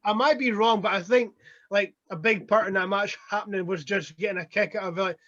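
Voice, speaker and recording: A man's voice: high voice, steady tone, a little fast, fairly bright tone, highs cut off. A man in casual podcast banter, joking dryly with friends. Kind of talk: casual chat.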